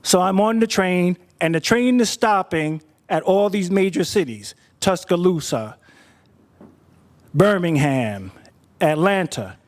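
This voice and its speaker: A man's voice: high-pitched, expressive, slow pace. A man telling a personal story to an audience, conversational and doubling back on his words. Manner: conversational, repeats words while thinking.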